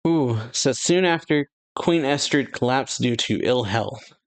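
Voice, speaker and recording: A man's voice: mid-range voice, unhurried. A man casually reading through a manga chapter, reciting character lines with light emphasis and frequent fillers. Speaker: manga reaction host.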